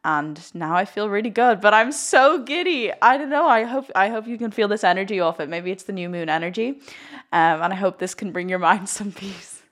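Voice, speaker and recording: A woman's voice: lowish voice, fairly quick. A woman hosting a spiritual livestream, talking straight to viewers in a giddy, laughing, rambling way. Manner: talks to viewers directly. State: one eye watering. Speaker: spiritual coach hosting a live video. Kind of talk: casual spiritual vlog on a livestream.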